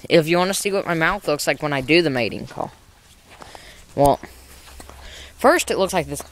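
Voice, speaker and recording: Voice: mid-range voice, moderate pace, fairly bright tone. A vlogger rambling and joking in a goofy way while filming outdoors in snowy countryside on a handheld camera. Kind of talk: casual outdoor vlog.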